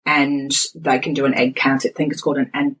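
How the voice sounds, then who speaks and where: A woman in her forties, a podcast guest speaking frankly and telling stories in an animated way. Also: a bass voice, a little fast, low-quality recording. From Australia. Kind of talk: candid podcast conversation.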